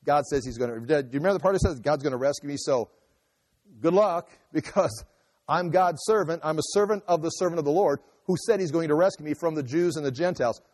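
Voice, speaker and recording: A male pastor teaches through a passage in a loose, conversational sermon, full of restarts and asides. His voice sits a little high but sounds mellow and dark. The sound rings with long reverb through a large hall. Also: a little fast. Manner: conversational, restarts and asides while explaining scripture. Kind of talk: expository sermon.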